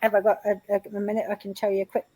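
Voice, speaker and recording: A woman's voice: mid-range voice, completely flat delivery, rapid-fire, mellow, low-quality recording. Woman, middle-aged, casual guest storyteller, loose and talkative. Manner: chatty, laughing, lots of fillers. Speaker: guest healer.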